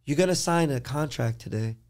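A man retelling a story, quoting a calm, soft-spoken stranger in a quiet, low, measured voice. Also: lightly acted. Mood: calm, earnest.

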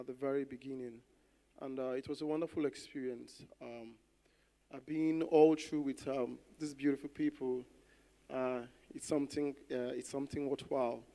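A man's voice: medium pitch, warm tone. A male contestant giving thanks, hesitating with many fillers.

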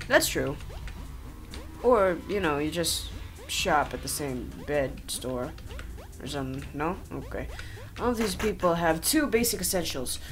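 A woman giving rambling, jokey commentary on a game as she plays, with sarcastic asides, over a desk microphone. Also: low-pitched. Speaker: gameplay commentator. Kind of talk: playthrough commentary. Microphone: own desk microphone.

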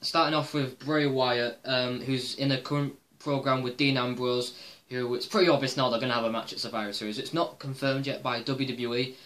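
A man's voice: medium pitch, steady tone, a little fast, a bit bright. A man giving his opinions on wrestling in a casual vlog monologue, rambling and swearing with lots of "um" fillers. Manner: rambling and profane, with frequent "um" fillers. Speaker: wrestling commentary vlogger.

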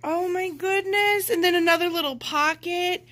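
A woman in her thirties, a mother and vlogger, gushing and gasping with excitement as she opens a gift package at home. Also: extremely high pitch, normal speed. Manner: gushing, gasping, says "oh my gosh" often. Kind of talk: excited unboxing chat.

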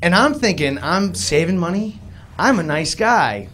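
Young Boston stand-up comedian, slightly high-pitched man, animated and self-deprecating, live club mic with faint room noise. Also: measured pace. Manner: self-deprecating, animated storytelling with voiced quotes.

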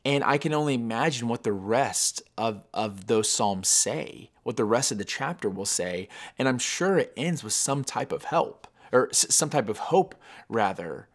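A man's voice: mid-range voice, expressive, moderate pace. A man hosting a daily devotional podcast, speaking in an earnest, reflective way that turns emotional at times.

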